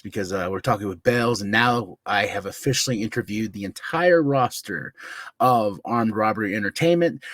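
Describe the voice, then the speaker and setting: A man's voice: mid-range voice, dry recording, clean studio sound. A man hosting a podcast, introducing a guest in an upbeat, welcoming way. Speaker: podcast host.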